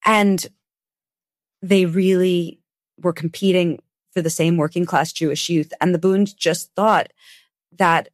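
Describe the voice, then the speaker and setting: A woman author talks through a podcast interview in a fairly low voice, and she leans hard into key words as she tells her stories. The sound is close and dry, with no room around it. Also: no room sound. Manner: animated, storytelling with sharp emphasis. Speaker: guest author.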